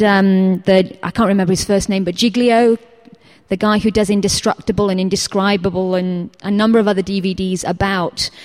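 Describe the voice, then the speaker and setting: Woman, teacher, informal sermon, lively storytelling, whispered asides. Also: medium pitch. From England. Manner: animated storytelling, acts out quotes, drops to whispers. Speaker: teacher giving a church talk. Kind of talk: informal sermon with personal stories.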